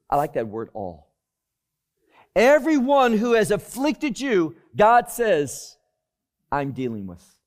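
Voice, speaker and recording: A man preaching a Bible-teaching sermon, deliberate and emphatic, often dropping his voice low at the end of a phrase. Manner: slow, deliberate, emphatic delivery with sudden drops in volume.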